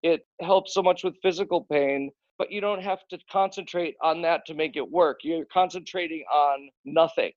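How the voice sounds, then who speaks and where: A man with a somewhat high voice chats loosely on a podcast, often restarting his sentences and swearing casually. The sound is dry, close and a little muffled. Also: moderate pace, few pauses, no echo. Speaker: podcast guest, musician.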